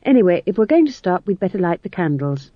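A woman's voice: on the low side, big pitch swings, fast talker, dry recording, voice pushed up. A woman voicing an earnest, anxious young female witch who pleads and quavers. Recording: dull dry studio read.

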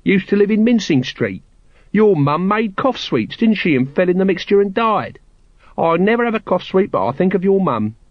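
A man's voice: high-pitched, big pitch swings, normal speed, no room sound, muffled recording, pitched above the performer's own voice. A man reading aloud as a scruffy, needling male city watchman who mocks in a chirpy sing-song. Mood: mocking.

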